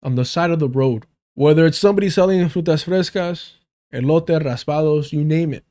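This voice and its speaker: Give me a man from the US hosting a livestream and picking apart a political debate. He rants in a heated, profane, sarcastic way, and his voice sits a little higher than most men's. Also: fairly quick, mellow. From United States. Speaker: political commentary streamer.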